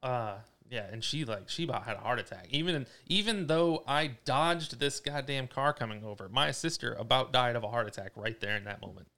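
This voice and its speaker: A man's voice: mid-range voice, brisk, few pauses. Foul-mouthed young man telling a story. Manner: profane, animated storyteller. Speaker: podcast co-host. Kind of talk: casual podcast chat.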